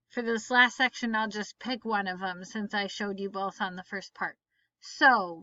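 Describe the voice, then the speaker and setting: A woman teacher reading a word list aloud for students, saying each word slowly and carefully, close to the mic on a slightly dull recording. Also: medium pitch, bright, forceful tone, dry recording.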